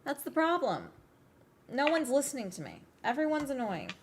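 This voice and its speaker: A woman's voice: high voice, huge pitch swings, normal speed, a little hiss or hum. A woman streamer in casual chat, ranting with exasperation and swearing, while she is sick.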